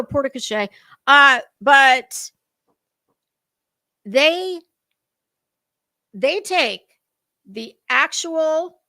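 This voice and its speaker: A middle-aged woman talks through a fashion event in a loose, rambling live-stream manner, joking at her own expense. Her voice sits a little high and sounds bright and crisp. She speaks slowly, and the recording is close and dry. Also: dry recording. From United States. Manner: chatty, rambling, self-deprecating. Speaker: fashion commentary host. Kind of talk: casual live-stream chat.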